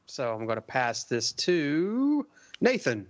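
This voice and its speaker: Guy hosting a podcast quiz for his buddies, bit higher voice, dull lo-fi sound. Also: huge pitch swings, slow pace, no echo. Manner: reads questions, laughs at banter. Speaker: quiz host.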